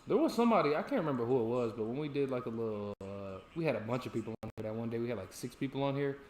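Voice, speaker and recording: An American man co-hosts a casual chat, talking quickly in a mid-pitched voice. He keeps it relaxed, with short agreeing replies. The recording has an echoey room and a faint hum of noise. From United States. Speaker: co-host. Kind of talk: casual chat on a watch-along stream.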